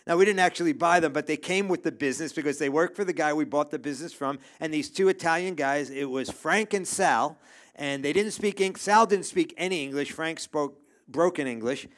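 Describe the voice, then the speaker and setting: A middle-aged man preaches a sermon to his congregation in a slightly higher-pitched voice. He is emphatic and repeats his phrases, checking in with "okay?" as he goes. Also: brisk, a bit bright. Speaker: pastor. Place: church room with a congregation.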